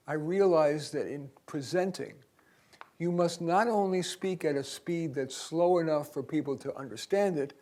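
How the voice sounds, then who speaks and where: A man giving a career seminar in a university auditorium, reading his own article aloud slowly and deliberately though he calls himself a fast talker. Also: a little high, mellow. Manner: deliberately slowed, self-described fast talker.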